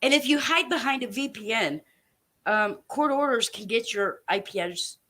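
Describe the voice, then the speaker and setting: Woman with a slightly high voice; furious, foul-mouthed commentator warning someone off. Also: lively intonation, normal speed, bright, forceful tone. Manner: furious, profane, threatening, emphatic. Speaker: online commentator. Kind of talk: angry direct-to-camera rant.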